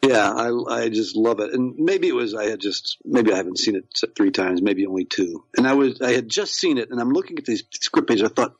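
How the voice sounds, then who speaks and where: A man's voice: lowish voice, normal speed, slightly rough, no room sound, muffled recording. A man, an actor, chatting as a podcast guest, rambling with many fillers and restarts. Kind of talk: casual interview chat.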